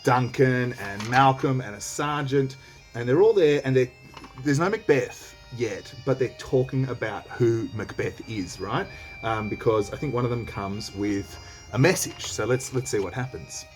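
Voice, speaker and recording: A man talking through a play with his students in a relaxed, chatty manner. His pitch sits in the middle of the range, and he uses plenty of filler words. Quiet music plays in the background. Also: measured pace. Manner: casual and chatty, with many fillers. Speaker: teacher. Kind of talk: explaining a play while reading aloud. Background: faint background music.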